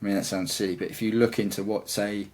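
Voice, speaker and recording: Rambling, enthusiastic low-voiced man. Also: fairly even intonation, quick pace, darkish tone. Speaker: guitarist guest. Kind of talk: casual interview chat.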